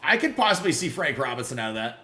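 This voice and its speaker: A man hosting a casual live game stream, greeting viewers by name and reacting loudly to big plays. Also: mid-range voice, big pitch swings, fast, reverberant. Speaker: livestream gamer.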